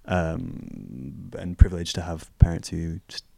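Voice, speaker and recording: Low, hesitant young British man. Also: measured pace, gravelly, warm tone. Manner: self-deprecating, hesitant, many fillers. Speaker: indie game developer, guest. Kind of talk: casual interview chat.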